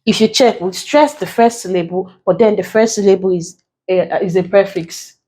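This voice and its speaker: A woman with a Nigerian English accent tutoring an exam-prep lesson, slow and deliberate, repeating key points as she writes on a board. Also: medium pitch, dark tone, slightly rough, poor audio.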